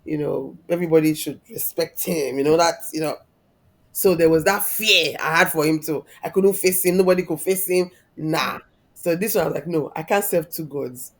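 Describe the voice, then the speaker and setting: A woman in her thirties with a fairly low voice. She tells a personal story as a podcast guest, openly and reflectively, her feeling close to the surface. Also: moderate pace. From Nigeria. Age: 30s. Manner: heartfelt, reflective, openly emotional.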